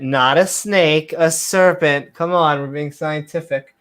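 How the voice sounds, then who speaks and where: A man's voice: on the high side, fairly even intonation, moderate pace, hardly any pauses. A man hosting a comedy show, reading old scripture aloud in a mock-grand voice and mocking it. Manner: sarcastic, reads archaic verses in a mock-grand voice. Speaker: host.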